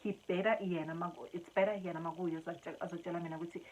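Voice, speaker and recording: A woman's voice: lowish voice, fairly even intonation, very fast, darkish tone, a little hiss or hum, low-quality recording. A young South African woman telling a story-time vlog, chatting casually and mixing English with isiZulu. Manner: chatty, switching between English and isiZulu mid-sentence. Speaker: vlogger.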